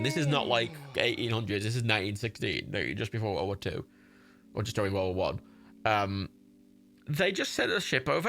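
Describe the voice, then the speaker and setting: A man's voice: lowish voice, bright, forceful tone. A young man livestreaming, rambling casually with lots of fillers, restarts and laughs while playing a game.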